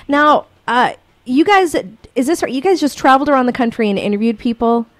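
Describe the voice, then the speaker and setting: A young woman co-hosting a casual radio show, bubbly and quick to laugh. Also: high-pitched, expressive, crowd noise. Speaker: radio co-host.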